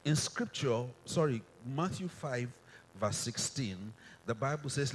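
A man's voice: medium pitch, lively intonation, unhurried, slight background noise. A man preaching a sermon from a stage in a hall, often quizzing the crowd to finish verses and repeating phrases for emphasis.

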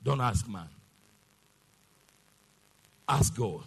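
A man preaches with a raspy, gravelly voice that swings widely up and down, leaning into call-and-response and half-sung lines. He sits on the higher side for a man, and the sound rings out in a reverberant church hall. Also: very animated, moderate pace, a bit bright. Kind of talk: sermon.

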